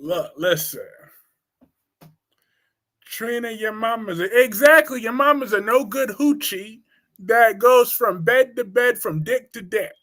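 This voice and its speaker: High-pitched guy on a live stream, blunt crude gossip, teasing, gets loud then quiet fast. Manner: teasing, quick swings in loudness. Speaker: host of a live soap opera talk stream. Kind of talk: casual live-stream chat, answering chat comments.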